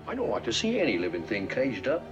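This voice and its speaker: Bert, a lilting chimney sweep. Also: male voice, mid-range voice, wildly swooping pitch, fast. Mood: tender. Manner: lilting, folksy, gently persuasive. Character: cheerful adult male chimney sweep, kindly. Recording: muffled old film soundtrack with music.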